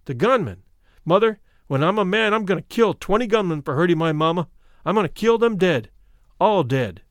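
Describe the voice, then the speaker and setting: A man's voice: high-pitched, lively intonation, moderate pace, no echo, studio quality. A man voicing a frightened, beaten little boy from a mining camp, pleading through tears in a memoir reading. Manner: pleading, tearful words.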